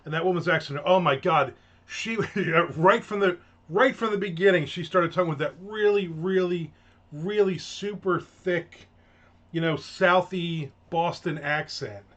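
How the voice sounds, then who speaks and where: Middle-aged guy ranting, kinda high voice, sarcastic and rambly, muffled lo-fi audio. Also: a little slow, a bit bright. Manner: sarcastic, rambling, full of fillers and restarts. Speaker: host of a rant segment. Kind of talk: casual rant monologue. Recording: dull lo-fi sound.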